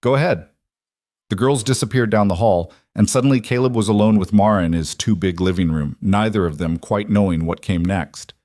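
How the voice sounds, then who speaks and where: A man reads a story aloud in a slow, measured way. His voice sits on the low side, and the recording is dry and close. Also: darkish tone, no echo. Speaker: narrator. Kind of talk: scripted narration.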